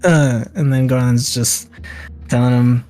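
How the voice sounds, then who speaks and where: Slow-talking young man running a game. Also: mid-range voice, fairly even intonation, a little mellow. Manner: laughing often, many fillers. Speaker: game master. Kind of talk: narrating a tabletop game.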